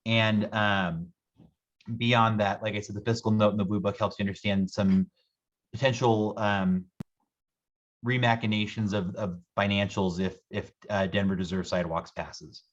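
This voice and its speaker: Rapid, stumbling low-voiced man. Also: fairly even intonation, dull audio. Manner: rapid, with many repeated words and restarts. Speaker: city transportation official presenting a budget. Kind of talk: budget presentation at a public meeting.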